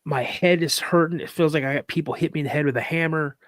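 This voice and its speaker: A man's voice: a little high, fast, fairly bright tone, dry recording. A man, a podcast guest, telling a story casually and animatedly, acting out quoted dialogue in a raised voice and at moments fighting back tears.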